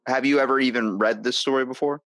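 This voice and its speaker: A man's voice: medium pitch, steady tone, fast, a bit bright, no room sound. A man hosting a podcast, telling stories in a rambling casual way with restarts. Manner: rambling storyteller, restarts and retells plots. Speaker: podcast host. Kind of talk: casual chat.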